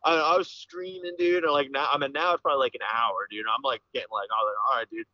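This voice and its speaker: A man's voice: medium pitch, steady tone, quick pace, bright, forceful tone, no echo. A young man from Pennsylvania, a podcast guest telling a hunting story in a rambling, casual way, full of "dude" and "like.". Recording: slightly dull, lo-fi podcast audio.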